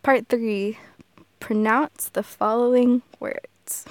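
A woman from Texas with a Southern accent chats by herself in a loose, goofy way, laughing easily and cursing now and then. She takes her time and speaks at an unhurried pace. Her voice sits close and dry, with no room sound around it. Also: medium pitch, no room sound. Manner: goofy, laughs often, swears casually. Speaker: audio creator. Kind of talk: casual solo chat.

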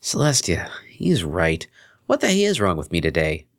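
A man's voice: deep voice, huge pitch swings, fairly quick, exaggerated voice. A man voicing a moody young female unicorn DJ, blunt and sarcastic, in a fan fiction reading.

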